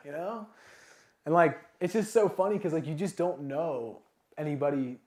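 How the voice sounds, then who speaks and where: Man, motivational speaker, casual and excitable, slightly high voice, roomy sound. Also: normal speed. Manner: energetic, casual, full of "like" and "man". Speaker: speaker at a sales summit. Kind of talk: motivational talk to a live audience. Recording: echoey event room.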